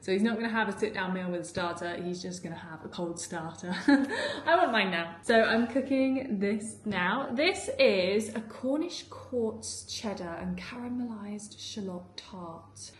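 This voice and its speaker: A woman's voice: mid-range voice, measured pace, few pauses, roomy sound, a little hiss or hum. A woman vlogging casually while she cooks at home, chatty and full of "like", laughing often. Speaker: food vlogger. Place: home kitchen.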